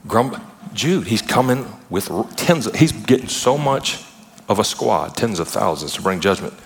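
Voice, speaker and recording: Man, preacher, fairly low voice, conversational sermon, lively asides, long hall reverb. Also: gravelly, a little hiss or hum. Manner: conversational, animated retellings with quick asides.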